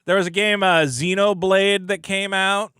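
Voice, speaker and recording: A man from the United States co-hosting a casual comedy podcast, rambling and animated. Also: high voice, moderate pace, clean tone, dry recording. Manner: rambling, animated, slips into mock voices. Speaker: podcast co-host.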